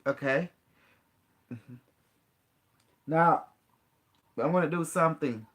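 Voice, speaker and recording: A man hosts a casual guided demonstration, coaxing his guest through each step, laughing often and using non-native, broken grammar. His voice is a little high, slow, and a bit bright.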